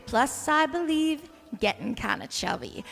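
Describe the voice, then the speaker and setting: A woman's voice: high voice, lively intonation, unhurried, vocal fry, fairly bright tone, big-room sound, faint music behind, heavily acted. A woman playing a possessive, manipulative mother, singing and speaking her lines with theatrical drama in a live cabaret. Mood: theatrical guilt-trip. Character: possessive manipulative middle-aged mother, guilt-tripping.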